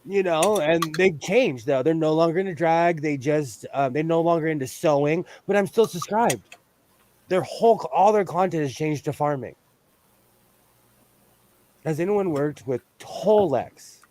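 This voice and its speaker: Animated, rambling man chatting while sewing. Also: a little high, a little slow, slight background noise. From US West Coast. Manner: rambling, animated, laughs often. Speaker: sewing livestream host. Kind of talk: casual chat while sewing.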